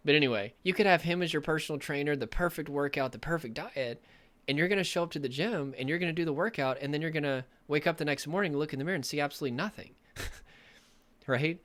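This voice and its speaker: A man's voice: on the high side, quick pace, a bit bright. A man coaching on trauma recovery, talking earnestly and emphatically to camera, often repeating himself. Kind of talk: motivational talk to camera.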